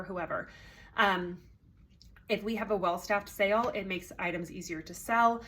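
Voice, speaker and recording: A woman's voice: medium pitch, fairly even intonation, moderate pace, a bit bright. A woman organizing a consignment sale, talking casually to sellers, with many ums, a little congested and out of breath. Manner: chatty, friendly, many ums.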